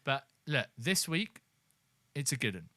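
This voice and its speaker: A man co-hosting a comedy podcast, hamming up his segment intros like a mock announcer. His voice is bright and forceful with a lively, swooping range, and it sounds close and dry with almost no room. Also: medium pitch, a little slow, no echo. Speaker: podcast co-host. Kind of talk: comedic casual chat.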